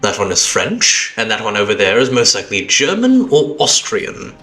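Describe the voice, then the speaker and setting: A British man playing a calm analytical detective. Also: fairly low pitch, normal speed, exaggerated voice. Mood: musing. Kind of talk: reading game dialogue aloud on a live stream.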